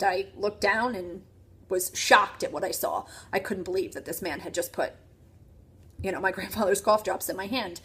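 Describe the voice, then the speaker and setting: Woman, 30s, from New Jersey, breathy and husky tone, earnest personal storyteller. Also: medium pitch. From New Jersey, USA. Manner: earnest, halting with many ums and restarts.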